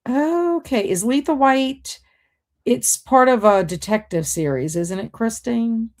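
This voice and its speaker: A woman's voice: fairly high pitch, animated, takes it slowly. A woman hosting a livestream, chatting casually and reading out viewer comments while multitasking. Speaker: BookTube livestream host.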